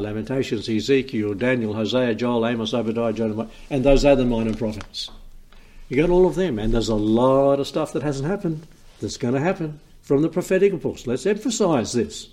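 A man's voice: mid-range voice, darkish tone. A man giving an informal sermon, talking through the sections of a Bible in a conversational way, often repeating words and restarting. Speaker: preacher.

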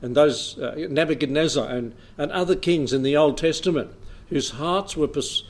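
A man's voice: fairly high pitch, moderate pace. A man preaching a Bible teaching in an easy, conversational way, reading scripture aloud and chuckling now and then.

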